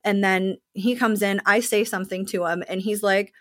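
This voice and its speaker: A woman actor in a casual interview, telling the story of a play in an animated way and acting out other people's lines. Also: mid-range voice, moderate pace, no echo, studio quality.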